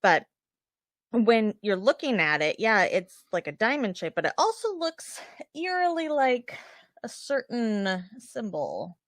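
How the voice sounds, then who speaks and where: A woman co-hosting a podcast, chatting casually as she recaps a TV episode, laughing often and thinking out loud. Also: on the high side, big pitch swings, measured pace, no echo, studio quality. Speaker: podcast co-host.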